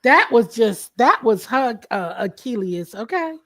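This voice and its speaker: High-voiced, slow-talking woman. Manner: animated storytelling, acting out quotes, laughing. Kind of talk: casual chat.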